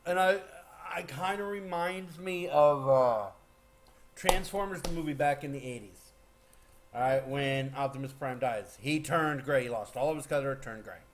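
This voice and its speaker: A man giving a casual, rambling movie spoiler recap, excitable, with lots of fillers and restarts. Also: medium pitch, moderate pace. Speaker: movie reviewer.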